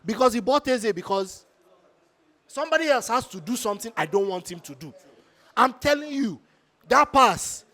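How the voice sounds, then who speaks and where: A man reacting to a match as a football fan, emphatic and insistent. His voice sits very high for a man. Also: lively intonation, moderate pace, pauses often, sharp tone.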